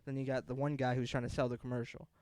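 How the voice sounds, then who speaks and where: A young man co-hosting a casual podcast, telling stories animatedly and acting out characters in shrill voices. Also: fast. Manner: animated storyteller, acts out sketches in shrill voices. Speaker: podcast co-host. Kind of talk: casual chat.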